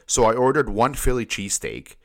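A man's voice: mid-range voice, sing-song, a little fast, gravelly. A man in casual podcast chat who rambles, stammers over repeated words and laughs often.

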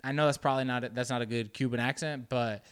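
A man talking to camera in a loose, rambling monologue, poking fun at himself and repeating words as he goes. His voice sits at an ordinary middle pitch, and he slips between English and Spanish. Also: fairly even intonation, fast, clear, resonant tone. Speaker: vlogger.

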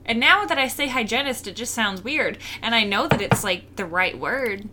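A young woman co-hosting a casual chat, rambling and animated, laughing often. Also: on the high side, moderate pace, very noisy. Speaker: podcast co-host.

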